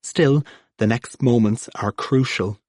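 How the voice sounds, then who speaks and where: A man narrates an audiobook in a dry, close recording. He shifts his pitch to voice the different characters. His voice sits at an ordinary middle pitch. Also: slow pace, darkish tone, no echo.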